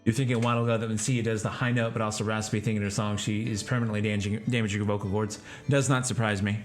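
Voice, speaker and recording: A man's voice: on the low side, flat delivery, racing. Man from texas, streamer, casual chat, rambling explanations, faint music behind. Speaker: streamer and voice actor.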